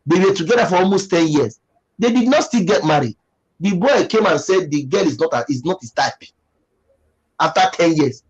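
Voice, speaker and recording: Reading out comments on a casual livestream, a man with a Nigerian English accent gives emphatic, repetitive advice in a preachy way. His voice is high and slightly rough, and the recording has its highs cut off.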